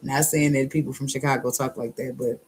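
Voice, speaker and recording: A woman's voice: extremely low pitch, steady tone, a little mellow, a little hiss or hum. A woman giving a casual tarot reading in a blunt, sassy, profane way, laughing often and drawing out phrases for emphasis. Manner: drawls some phrases slowly for emphasis. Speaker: tarot reader.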